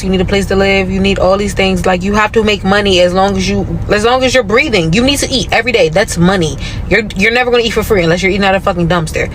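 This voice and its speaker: A man's voice: high voice, fairly bright tone, a little hiss or hum, rough recording. A man ranting to camera from a car, impassioned and repetitive, swearing often. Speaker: social media commentator. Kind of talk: emotional rant to camera.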